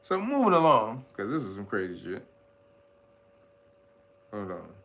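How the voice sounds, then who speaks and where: A man hosting a casual livestream, talking straight to his viewers in a profane, animated way, laughing often and reading out chat guesses. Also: fairly low pitch, measured pace, a little hiss or hum. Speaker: host.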